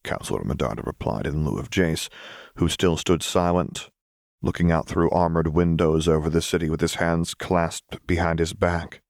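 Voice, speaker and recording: A man reading a story aloud in a steady, measured way, his voice deep and low. The recording is dry and close, with no room sound. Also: creaky, no echo. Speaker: narrator. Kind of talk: audiobook narration of fan fiction.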